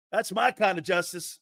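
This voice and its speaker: A man's voice: high-pitched, gravelly. Brash, profane male football show host. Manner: brash, loud, profane, mocking. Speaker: sports talk show host. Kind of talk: football talk show monologue.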